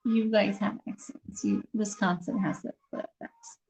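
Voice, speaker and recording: Chatty woman with a creaky voice. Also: mid-range voice, steady tone, moderate pace, a little mellow, rough recording. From Kansas City area. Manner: chatty, rambling, laughs often. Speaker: beauty vlogger chatting with viewers. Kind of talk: casual chat to camera.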